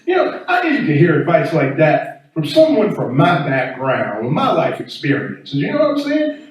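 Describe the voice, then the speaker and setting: A man doing a stand-up set, chatty and animated with the crowd. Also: on the high side, moderate pace. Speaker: stand-up comedian. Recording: echoey room from far off.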